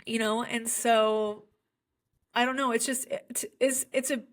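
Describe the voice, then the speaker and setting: Young adult woman, special ed teacher, earnest storyteller, somewhat high voice. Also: fairly even intonation, a little slow. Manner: earnest, heartfelt storytelling with frequent fillers. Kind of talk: podcast conversation.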